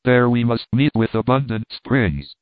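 A man's voice: mid-range voice, lively intonation, a little slow, no room sound, lightly acted. A man voicing a stern, obstinate older professor in an audiobook, speaking in a firm, commanding way. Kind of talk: audiobook reading. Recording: dry, phone-like narrow sound.

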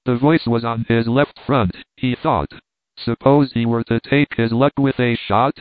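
A man narrating a classic novel aloud in a steady, measured way. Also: mid-range voice, dry recording. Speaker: audiobook narrator. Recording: tinny phone-like line, dry.

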